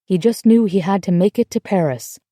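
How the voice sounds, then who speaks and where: A woman's voice: mid-range voice, brisk, dry recording, studio quality, close to an everyday voice. Woman reading a cautious, protective woman. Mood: calm. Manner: steady, calm, explaining. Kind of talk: audiobook character voice.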